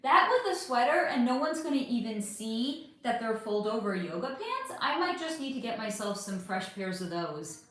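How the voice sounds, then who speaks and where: A woman's voice: fairly high pitch, big pitch swings, normal speed, fairly bright tone. A young woman hosting a casual livestream, reading out chat and answering with laughs and casual swearing. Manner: chatty, laughing, swearing freely. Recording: very echoey room.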